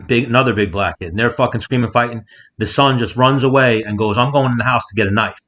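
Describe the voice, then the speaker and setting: A man co-hosting a podcast, telling a story in casual chat and loudly acting out the people in it. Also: medium pitch, fast, lo-fi sound. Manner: animated storyteller, acts out quotes loudly. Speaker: podcast co-host. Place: rented house, remote call.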